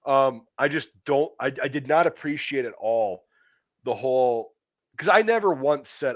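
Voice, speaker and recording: A man's voice: medium pitch, expressive, moderate pace, dry recording. Man, middle-aged, profane and blunt, casual storytelling, dry dull lo-fi sound. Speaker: podcast host. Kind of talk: casual chat.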